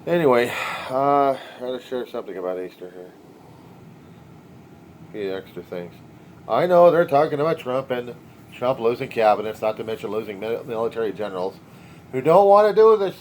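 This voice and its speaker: Sardonic man rambling in a lively voice. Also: mid-range voice, a little hiss or hum. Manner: sardonic, wisecracking, wandering. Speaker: video diarist. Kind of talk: rambling personal monologue.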